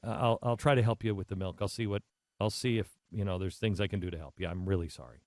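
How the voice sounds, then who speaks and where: A man acting out a contrite middle-aged male politician apologizing on the phone, soft and halting. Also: low-pitched, fairly even intonation, no echo, voice pushed down, lightly acted. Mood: apologetic.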